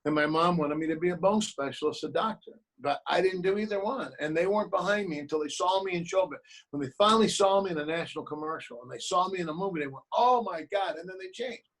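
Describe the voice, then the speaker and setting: A man's voice: high-pitched, fast, rough recording. A man, an actor and producer, speaking as an interview guest over a video call, telling stories and acting out the voices he quotes. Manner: animated storyteller, acts out quoted voices. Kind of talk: remote interview, storytelling advice.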